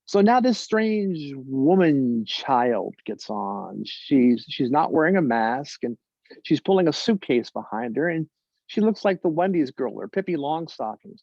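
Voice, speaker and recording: A man telling a wry personal story on stage, halting and full of restarts. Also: on the high side, very animated, darkish tone, no room sound, highs cut off.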